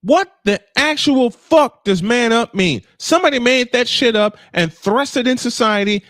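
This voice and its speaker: An extremely high-pitched, fairly bright voice belongs to a man in his fifties who is hosting a voice-only livestream and venting emotionally, swearing angrily and repeating himself for emphasis. The clean studio recording has no echo.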